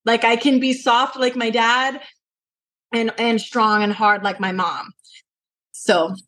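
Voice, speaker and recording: A young adult woman from Colorado, a podcast guest, talking earnestly and telling animated stories with lots of fillers. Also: a little high, takes it slowly. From Colorado, USA. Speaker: podcast guest, martial arts instructor. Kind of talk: casual interview talk.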